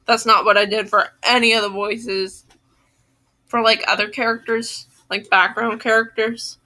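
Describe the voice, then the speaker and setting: A woman reading a novel aloud pauses for chatty asides, filling her talk with "like". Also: on the high side, fairly even intonation, bright, forceful tone. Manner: chatty, lots of "like". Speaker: audiobook reader.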